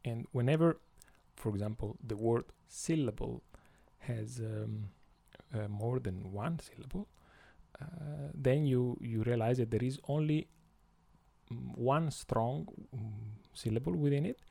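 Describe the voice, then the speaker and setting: Italian-accented man, podcast host, slow hesitant delivery, gravelly low warmth, dry close sound. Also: no room sound. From Italy. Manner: slow and hesitant, many fillers. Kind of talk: educational podcast talk.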